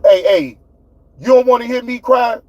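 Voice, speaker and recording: A man's voice: extremely high pitch, moderate pace, dark tone, dry recording, lo-fi sound. A man with hosting his own livestream, ranting at his chat in a fiery, profane way. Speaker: livestream host. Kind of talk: heated livestream rant.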